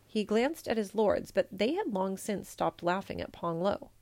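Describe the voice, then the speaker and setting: A woman reading a children's storybook aloud in a gentle, measured way. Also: medium pitch, expressive. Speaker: storybook reader.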